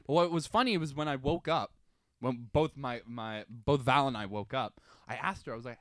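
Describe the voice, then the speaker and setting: A young man co-hosting a podcast, telling a story in animated casual chat and acting out his own shouts. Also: mid-range voice, normal speed, dry recording. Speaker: podcast co-host.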